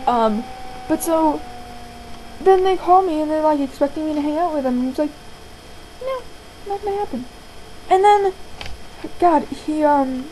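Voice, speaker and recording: Young woman, high mellow voice, rambling profane rant to a webcam at home. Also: a little hiss or hum, poor audio. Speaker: vlogger. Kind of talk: ranting casual vlog. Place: indoors at home, seated.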